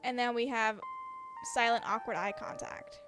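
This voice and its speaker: Giggly high-voiced woman playing a game. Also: steady tone, moderate pace. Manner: giggly and playful. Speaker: game streamer. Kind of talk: let's play commentary. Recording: game music behind.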